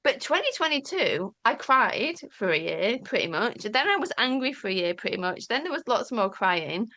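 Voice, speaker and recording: A woman talking candidly as an interview guest, animated and storytelling, casually swearing and acting out quoted dialogue. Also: fairly high pitch, moderate pace. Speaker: podcast guest.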